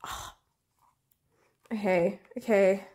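A young woman vlogger unboxing albums in a room at home, gasping and gushing, often dropping to breathy half-whispered squeals. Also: mid-range voice, steady tone, extremely slow, warm tone. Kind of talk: excited unboxing chat.

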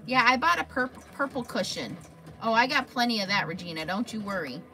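A woman's voice: fairly high pitch, expressive, a little fast, bright, forceful tone. A woman hosting a crafting livestream, chatting casually and answering viewers' comments by name.

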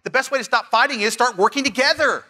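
A man's voice: very high-pitched, fast talker, bright, forceful tone. A middle-aged man preaching a sermon, earnest and emphatic, repeating key phrases and telling family stories. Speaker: pastor.

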